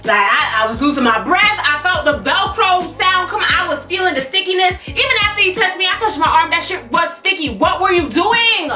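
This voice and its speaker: Sassy high-voiced young woman telling a story. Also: fairly quick, few pauses. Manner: animated, sassy, blunt slang. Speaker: vlogger. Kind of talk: storytime vlog. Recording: echoey room, mic at a distance, faint music.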